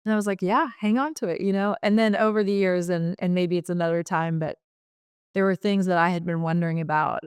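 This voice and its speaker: A middle-aged woman, a podcast guest, telling a personal story in a heartfelt, halting way, with many fillers and restarts. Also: lowish voice, steady tone, smooth, no echo, clean studio sound.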